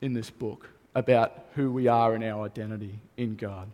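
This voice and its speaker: A man's voice: fairly low pitch, fairly even intonation, moderate pace, warm tone. Pastor guy preaching, earnest, says things twice, big hall echo around him. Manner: earnest, repeats phrases for emphasis. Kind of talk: sermon. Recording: long reverb of a hall.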